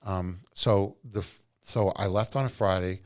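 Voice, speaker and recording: Middle-aged guy rambling through his business stories on a podcast, super low voice. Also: fairly even intonation, measured pace. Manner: earnest, rambling anecdotes. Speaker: podcast guest, entrepreneur. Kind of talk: casual storytelling interview.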